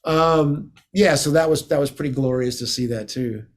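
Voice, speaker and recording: A man from the United States, a guest guitarist, chats casually in an interview, telling enthusiastic, rambling stories. His voice is on the high side and moderately paced.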